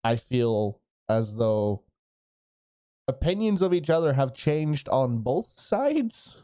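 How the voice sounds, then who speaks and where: A man playing a blunt blue dragonborn warrior who explains himself in a measured, dry way and swears casually. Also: medium pitch, very animated, mellow. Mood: earnest.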